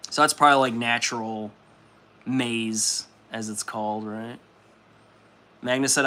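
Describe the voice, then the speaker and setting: Bright-voiced young man chatting casually. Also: mid-range voice, fairly even intonation, a little slow, pauses often. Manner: laid-back, swears freely, laughs often. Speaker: livestream host. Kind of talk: casual chat reading viewer comments.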